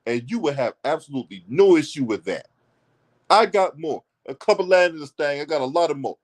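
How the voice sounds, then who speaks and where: A male commentator with a somewhat raised pitch rants about politics. He is profane and sarcastic, jabbing at his targets with a heated edge. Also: lively intonation, brisk.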